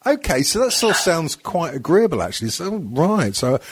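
A man's voice: on the high side, big pitch swings, normal speed, slightly rough. A man co-hosting a podcast, joking crudely, swearing and laughing often. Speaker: podcast co-host. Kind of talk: crude banter.

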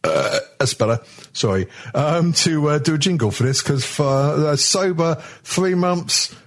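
A man's voice: on the high side, a little slow. A man hosting a comedy podcast in a rambling, sweary way, full of fillers and restarts. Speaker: podcast host. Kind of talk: casual comedy chat.

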